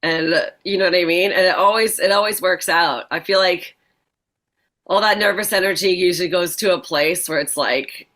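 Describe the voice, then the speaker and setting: Woman, forties, comedian guest, low-ish voice, laughs a lot, casual swearing. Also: normal speed, fairly bright tone. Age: 40s. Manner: chatty, laughing, swears freely. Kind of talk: casual interview chat.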